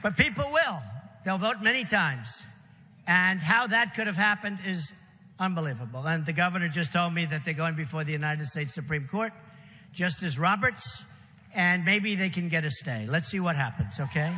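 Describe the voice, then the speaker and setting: A man's voice: high voice, animated, moderate pace, bright, forceful tone, long reverb tail. A man delivering a rambling, repetitive campaign rally speech with punchy asides to the crowd. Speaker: political candidate. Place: large rally venue.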